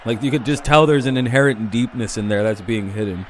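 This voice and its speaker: A man's voice: mid-range voice, fairly quick, a faint crowd, slight background noise. A young man hosting a live stream, rambling and swearing in casual chat while watching a game. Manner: rambling, profane, laughs often. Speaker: streamer host.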